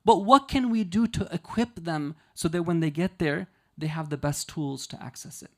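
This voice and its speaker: A man's voice: on the high side, moderate pace, darkish tone. A man giving a conversational sermon at a community religious centre. He explains through analogies and stories and keeps checking in with the audience with "right?". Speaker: Muharram night speaker.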